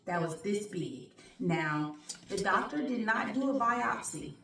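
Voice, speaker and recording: A woman hosting her own show, telling a personal story in an animated, colloquial way and speaking straight to her audience. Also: medium pitch, measured pace, slight background noise. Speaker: show host. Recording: roomy sound, distant from mic.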